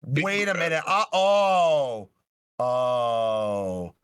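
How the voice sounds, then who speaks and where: A man's voice: medium pitch, fairly even intonation, drawn-out words, a bit bright, clear, resonant tone, no room sound, clean studio sound. A man chatting casually as a guest on a retro gaming stream, wry and hesitant. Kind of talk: casual group chat while gaming.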